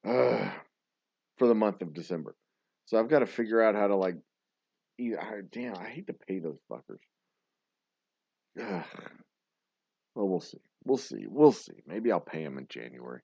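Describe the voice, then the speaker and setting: A man rambles through a profane livestream chat, ranting and laughing as the drinks go down. His voice sits low but swings widely in pitch. The sound is dry and dull, like cheap webcam audio. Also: expressive, moderate pace, gravelly, pauses often, slightly rough, no echo. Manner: loud, crude, laughing, tipsy rants. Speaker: host of a drinking livestream show. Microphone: webcam livestream setup.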